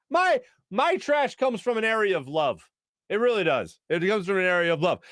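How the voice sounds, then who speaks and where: A man's voice: sits high, a bit bright, no room sound. A man hosting a casual sports talk show from a studio, joking, laughing often and reading out viewer comments with fired-up opinions.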